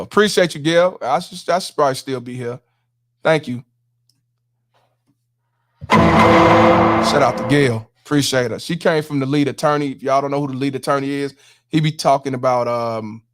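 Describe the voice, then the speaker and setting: A man hosting a livestream, giving profane, emphatic commentary and shouting out viewers. He repeats lines for emphasis. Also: mid-range voice. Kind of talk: live-streamed commentary with viewer shout-outs.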